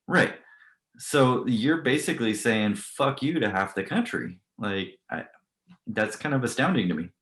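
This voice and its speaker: Man, low voice, blunt and animated, roomy echo. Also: normal speed. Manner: animated, blunt opinion talk. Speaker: co-host. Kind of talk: casual panel chat.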